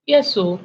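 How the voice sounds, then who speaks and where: A young woman in her twenties with a Nigerian accent, telling a story casually and animatedly as a vlogger, sometimes clearing her throat. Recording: lo-fi with faint background noise.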